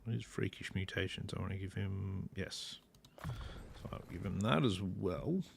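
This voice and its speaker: A low-voiced Australian man with a gravelly, slightly fried edge, giving off-the-cuff commentary on a strategy game. He chats loosely, drops casual swears and talks to his units as he plays. A faint background noise sits under the recording. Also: unhurried. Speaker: gameplay streamer.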